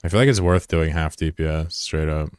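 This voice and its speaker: A man's voice: a bass voice, fairly quick, darkish tone, clear, resonant tone, dry recording, studio quality. A man in his thirties casually commentating his live gameplay, loose and profane, giggling and bantering with chat. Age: 30s. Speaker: streamer.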